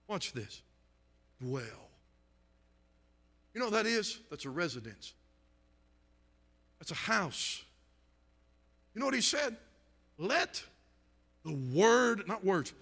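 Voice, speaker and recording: A man's voice: high voice, very animated, takes it slowly, pauses often, long reverb tail. Man preaching with wild, swooping dynamics. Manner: swings from shouting to near-whispers; repetitive emphatic preaching cadence. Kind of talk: sermon. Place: church meeting, live stream.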